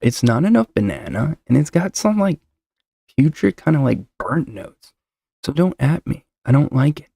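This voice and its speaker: A man with a heavily gravelly, fry-laden voice talks loosely and jokingly, often tripping over his own sentences. His tone is dark and mellow, and the sound is dry and close, straight into a desk microphone. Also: fairly high pitch, big pitch swings, moderate pace, no room sound. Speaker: show host. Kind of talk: casual solo podcast chat. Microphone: desk mic with noise suppressor.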